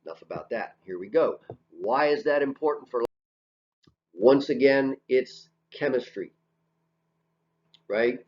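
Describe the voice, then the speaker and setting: A man's voice: mid-range voice, measured pace, pauses often. A male teacher giving a recorded lecture over slides, talking in a conversational way, asking questions and answering them himself, often tagging "right?". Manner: conversational, asks and answers his own questions, frequent "right?". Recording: dull lo-fi audio.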